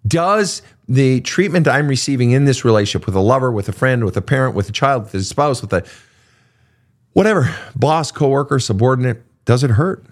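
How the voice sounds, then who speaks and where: A man's voice: medium pitch, animated, fairly quick. A middle-aged man hosting a casual advice talk, blunt and profane. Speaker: podcast host, coach.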